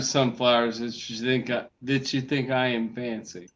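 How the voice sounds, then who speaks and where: A man co-hosting a casual podcast, halting and repeating himself through false starts. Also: mid-range voice, little pitch movement, lo-fi sound, crowd noise. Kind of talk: casual chat.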